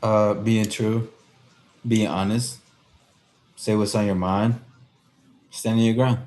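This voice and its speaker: A man with a lowish voice chats casually on a livestream. He talks loose and slangy, answering questions at an easy pace and turning to his viewers now and then. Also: steady tone, takes it slowly, a little mellow, a little hiss or hum. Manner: laid-back slangy talk, addresses chat. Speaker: livestream host.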